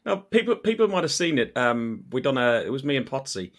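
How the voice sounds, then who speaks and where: A man's voice: mid-range voice, sing-song, fairly quick. A man from Ireland hosting a casual fan podcast, telling stories in a chatty way with frequent restarts. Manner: chatty storyteller, stumbles and restarts. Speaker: podcast host. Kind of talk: casual chat.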